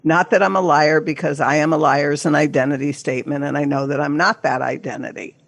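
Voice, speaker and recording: This older woman's low-pitched voice is creaky, steady in tone, and a little fast, in a dry recording. A therapist and coach appearing on a podcast, she speaks with earnest, emphatic coaching energy and sometimes voices inner thoughts in quotes.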